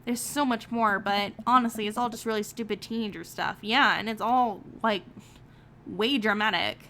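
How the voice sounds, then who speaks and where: A woman's voice: mid-range voice, normal speed, fairly bright tone, a little hiss or hum. A young woman streaming a story game live, reacting emotionally and swearing at times. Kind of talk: live game playthrough commentary.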